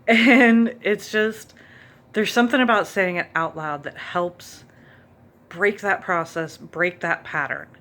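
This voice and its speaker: Bright-voiced woman, earnest and emphatic. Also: fairly low pitch, unhurried. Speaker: vlogger. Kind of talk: motivational monologue.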